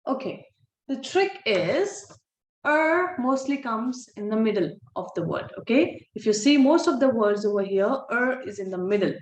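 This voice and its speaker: A woman teaching a recorded online phonics lesson, sounding out words slowly and breaking off with apologetic asides. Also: a little high, echoey room, a little hiss or hum. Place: holiday home by the sea, waves audible.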